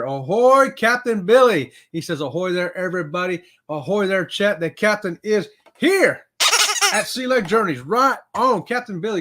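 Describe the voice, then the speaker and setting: A man hosts a relaxed livestream chat from his home office. His voice sits notably high. He talks in a cheerful, chatty way and lets out whoops between greetings to viewers. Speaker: livestream host.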